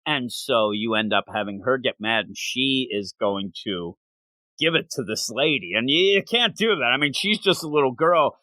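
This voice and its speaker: A man's voice: mid-range voice, lively intonation, moderate pace, pushed and bright, dry recording. A man co-hosting a manga review podcast, retelling the story in casual chat and acting out the characters' lines.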